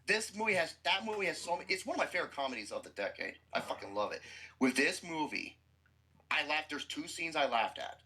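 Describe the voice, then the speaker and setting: A man's voice: a little high, very animated, fast talker, bright, forceful tone, rough recording. A man hosting a podcast who gives a blunt, profane movie review with explosive outbursts.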